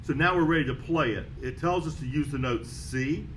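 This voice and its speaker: A man teaching a beginner trumpet lesson, calling out note names and counting beats in a steady, patient way. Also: fairly high pitch, brisk, slight background noise, low-quality recording. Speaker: music teacher. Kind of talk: band method lesson.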